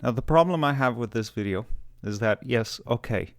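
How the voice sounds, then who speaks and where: A man's voice: medium pitch, expressive, moderate pace, dry recording, clean studio sound. A man giving sarcastic, conversational commentary on a video. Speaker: video reviewer.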